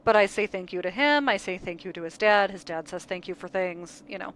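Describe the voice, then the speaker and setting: A young mother co-hosting a casual chat, telling lively stories and acting out the quotes. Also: mid-range voice, a little fast, a little hiss or hum, low-quality recording. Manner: lively storyteller, acts out quotes. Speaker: podcast co-host.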